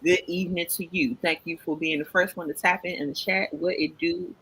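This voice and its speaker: Bright-voiced D.C. man hosting a livestream. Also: on the high side, brisk, breathy edge, poor audio. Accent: Washington, D.C. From Washington, D.C. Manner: energetic, greeting the chat with slang. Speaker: co-host of a livestream talk show. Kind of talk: casual livestream chat.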